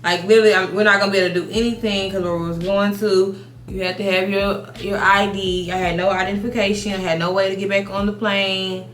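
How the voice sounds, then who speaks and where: A woman in her thirties telling a casual storytime while doing her makeup, animated, swearing, restarting her sentences. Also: mid-range voice, fast, echoey room, slight background noise. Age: 30s. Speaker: beauty vlogger. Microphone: compact camera mic.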